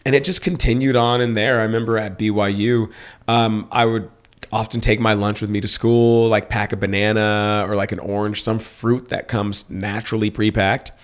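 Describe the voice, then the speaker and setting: A young man from Texas, co-hosting a podcast, telling personal stories in a lively, joking way. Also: moderate pace. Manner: animated storyteller, swings into high mocking voices for quotes. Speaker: podcast co-host. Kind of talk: casual chat.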